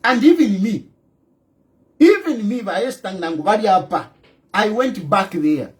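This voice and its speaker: A man's voice: high-pitched, lively intonation, measured pace. A man with a Zambian accent giving an emphatic broadcast monologue as a political commentator, with repeated rhetorical questions. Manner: emphatic and repetitive, rhetorical questions, switching into local phrases.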